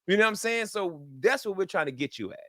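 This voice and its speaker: A man's voice: sits high, lively intonation, fast, fairly bright tone, no echo, studio quality. A man co-hosting a comedy radio show, laughing hard and talking in loose slangy banter. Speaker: radio co-host.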